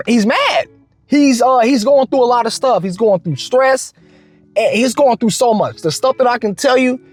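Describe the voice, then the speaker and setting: A man vlogger telling a work story in a casual, slangy, animated way, with lots of restarts. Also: very high voice, no echo.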